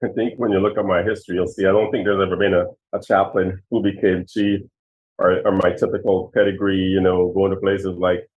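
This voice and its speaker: A man's voice: deep voice, flat delivery, a little fast, darkish tone. A man in his sixties, originally from Jamaica, a retired police chief earnestly telling personal stories in an interview. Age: 60s. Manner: earnest, emphatic storyteller. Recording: tinny phone-like audio.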